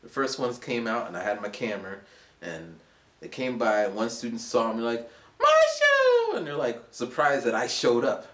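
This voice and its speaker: A man around forty, an English teacher, casually telling a rambling story for his vlog. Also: normal speed. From United States. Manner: animated, rambling, acts out voices in a high pitch. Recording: roomy echo.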